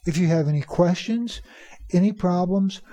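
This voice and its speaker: A man giving a podcast lesson to teachers on pronunciation, stressing example sentences slowly and talking plainly and encouragingly. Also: high-pitched, warm tone. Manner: slow, emphatic model sentences; plain, encouraging talk to listeners. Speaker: teacher trainer.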